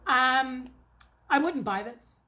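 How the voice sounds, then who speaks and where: A middle-aged American woman gives a casual home review of wax melts. Her voice sits a little high, and she talks in an excitable, rambling way, dropping curses as she goes. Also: slow pace. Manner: chatty, excitable, swears casually. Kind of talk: casual chat. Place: home near an airport.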